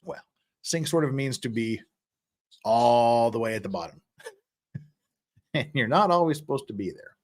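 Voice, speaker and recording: A man's voice: mid-range voice, unhurried, long pauses. A man hosting a casual livestream, reading chat messages and rambling with frequent chuckles and restarts. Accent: American. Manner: lively, rambling, chuckles often, restarts words.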